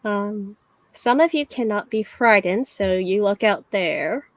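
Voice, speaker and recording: A woman running a tabletop game as game master, speaking in a slow, hesitant way with many fillers. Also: mid-range voice, a little hiss or hum, poor audio.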